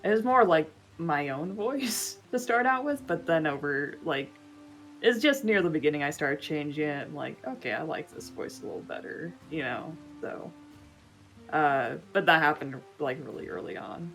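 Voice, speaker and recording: Very low-voiced relaxed woman. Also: normal speed, faint music behind. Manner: relaxed, rambling with fillers. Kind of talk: casual podcast chat.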